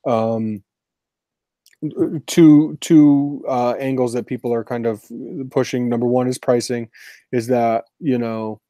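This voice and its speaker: Male podcast co-host, dark mellow voice, dry close sound, teasing casual chat. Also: medium pitch, steady tone, slow, dry recording. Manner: teasing, joking.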